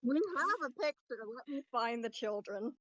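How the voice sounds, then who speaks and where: A woman with a fairly high voice chatting casually during a tabletop game, describing characters in detail. The recording is dry and close. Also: lively intonation, moderate pace, fairly bright tone, no room sound. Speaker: player.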